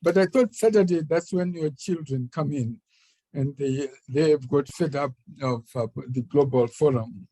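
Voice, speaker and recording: An easygoing man with a husky, mellow voice chats over a video call with a dry, close sound. He talks in a relaxed way and chuckles along with the others. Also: fairly high pitch, normal speed, dry recording, low-quality recording. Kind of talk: casual chat before an online session.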